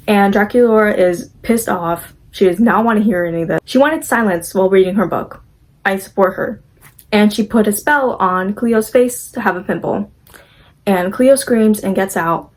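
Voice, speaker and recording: A woman's voice: mid-range voice, normal speed, darkish tone, rough recording. A young woman casually recapping a movie, chatty and gushing, acting out the characters' lines as she goes.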